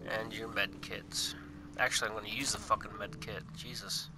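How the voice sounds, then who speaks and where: A man's voice: lowish voice, flat delivery, normal speed, noisy background. A young man casually commenting while he plays a video game, swearing often and joking to himself. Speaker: gaming channel host. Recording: game music playing behind.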